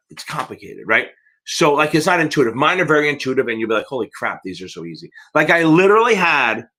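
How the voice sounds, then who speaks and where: A man hosts a livestreamed exam-prep Q&A, rambling off on tangents and swearing freely while he hypes up his students. His voice sits a bit high and swings widely in pitch. The tone is bright and forceful. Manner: profane, rambling, hyped-up cheerleading. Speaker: exam prep tutor hosting a live Q&A. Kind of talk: livestream Q&A chat.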